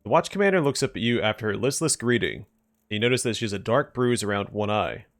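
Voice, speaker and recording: A man hosting a let's play, reading the game's narration and dialogue aloud in a plain, relaxed way. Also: lowish voice, quick pace, faint music behind. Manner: plain, relaxed reading, declines doing accents.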